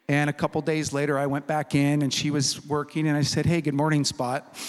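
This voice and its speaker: A man preaching a sermon as a humorous, animated storyteller who acts out the people in his story. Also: fairly high pitch. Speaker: pastor. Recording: reverberant hall recording.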